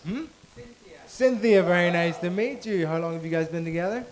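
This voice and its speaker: A man's voice: high-pitched, brisk. A man hosting a comedy night, doing teasing crowd work with swearing and laughter. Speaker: comedy show host. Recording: noisy live room mic.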